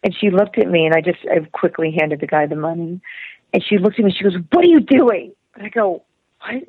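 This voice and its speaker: A woman guest on an interview podcast, telling a personal story with animated emotion, acting out the voices of the people in it and laughing often. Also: lowish voice, fast, husky, no room sound. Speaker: actress and singer, podcast guest. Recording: tinny phone-like line, dry.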